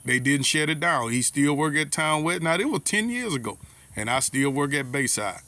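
A man's voice: fairly high pitch, lively intonation, normal speed, sharp tone. A man preaching an informal sermon to brothers and sisters, telling personal stories in a folksy way with dialect grammar and repeated words. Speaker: lay preacher.

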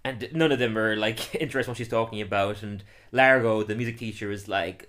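A man casually recapping a cartoon episode, telling it with energy and laughing often as he slips into quick silly voices. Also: on the low side, fairly bright tone. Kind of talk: casual chat.

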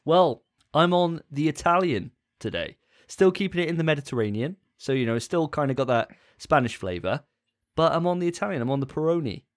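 Lively-pitched man bantering jokily. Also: a little fast. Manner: self-mocking, jokey storytelling. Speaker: podcast co-host. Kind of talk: casual chat.

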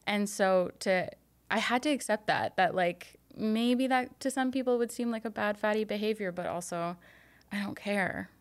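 A woman's voice: mid-range voice, moderate pace. Candid chatty woman podcast host. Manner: candid, chatty, many fillers. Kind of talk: casual podcast interview.

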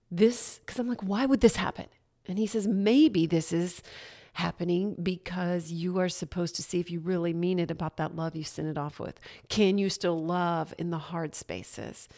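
A woman podcast host telling a personal story in a casual solo episode, animated and laughing often, acting out what others said to her. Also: on the low side. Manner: animated, laughs often, acts out quoted exchanges.

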